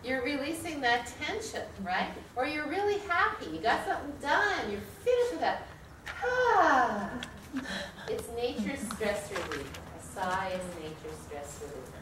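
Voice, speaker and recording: A woman's slightly high, sing-song voice runs along at normal speed with hardly any pauses as she teaches a yoga training class in a studio. She walks the group through breathing and chats with them, asking questions. The recording is noisy, echoey and distant-miked.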